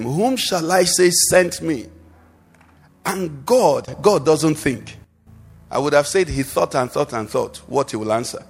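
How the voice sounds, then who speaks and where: A male pastor delivers a sermon at a deliberate, unhurried pace, pitched a little high for a man. He keeps throwing questions to the congregation and waiting for them to finish his sentences. The sound carries the long reverb of a large hall. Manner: preaching with call-and-response questions to the congregation. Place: church service.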